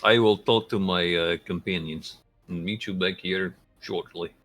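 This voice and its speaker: A man's voice: low voice, steady tone, unhurried, a bit bright, soft background music. A man playing a tabletop game, speaking in character in a laid-back way. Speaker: player. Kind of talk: casual tabletop play.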